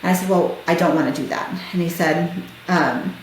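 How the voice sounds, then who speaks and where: A woman's voice: sits low, a little fast, slight background noise. A woman hosting a podcast, retelling a hard personal story in a conversational, emotional way, recounting past conversations with many fillers. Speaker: podcast host. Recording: very echoey room.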